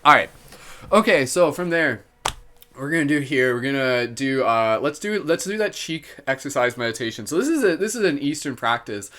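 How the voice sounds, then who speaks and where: A man's voice: mid-range voice, lively intonation, moderate pace, a bit bright. A man hosting a live guided meditation, upbeat and giggly, with many "like" fillers. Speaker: meditation host.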